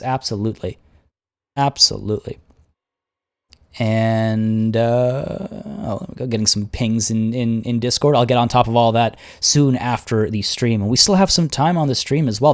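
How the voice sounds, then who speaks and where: Chatty man hosting a game livestream. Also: medium pitch. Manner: chatty, reads chat aloud, laughs often. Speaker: livestream host and game caster. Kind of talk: casual livestream chat and game commentary.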